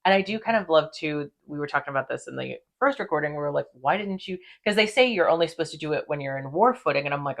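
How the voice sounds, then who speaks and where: Low-voiced woman recapping casually. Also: fast talker, gravelly, few pauses. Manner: animated, profane, laughs often. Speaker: podcast host.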